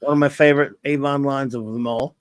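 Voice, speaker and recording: A man's voice: medium pitch, steady tone, a little fast, no echo. A man co-hosting a casual livestream chat, easygoing and rambling. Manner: easygoing, rambling, trails off mid-thought. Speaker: co-host.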